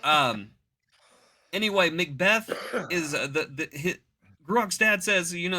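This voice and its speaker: A man hosting a podcast, chatting casually and jokily as he recaps a cartoon, dropping into quick voices for the characters. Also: high voice. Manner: animated, jokey, puts on quick voices for characters. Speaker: podcast host.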